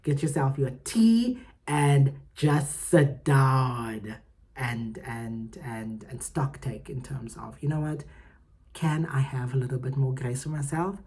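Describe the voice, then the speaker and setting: A woman hosting her own podcast, giving heartfelt, emphatic motivational talk that swings between loud and soft. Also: very deep voice, slow pace. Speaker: podcast host.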